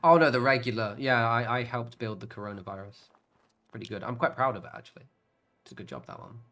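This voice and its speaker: A British gaming livestreamer chats casually while he plays, drifting from topic to topic, laughing a lot and swearing now and then. His mid-range voice is fairly bright, and he talks fast with lively intonation.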